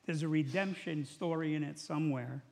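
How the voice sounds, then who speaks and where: Gravelly male preacher in an echoey hall. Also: a little high, moderate pace, a little mellow. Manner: conversational, paraphrasing scripture with acted quotes. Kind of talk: sermon.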